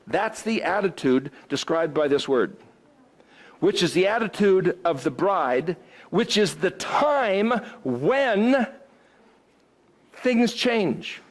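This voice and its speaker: A man teaching a Bible study class to a group, explaining word roots in an animated, exclamatory way. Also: high-pitched, slow.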